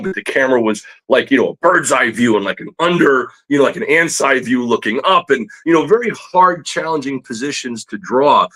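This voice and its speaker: A man, a comic book artist appearing as a guest, telling a story in a casual, animated way with frequent laughs and fillers. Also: medium pitch, poor audio. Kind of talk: casual storytelling in a podcast interview.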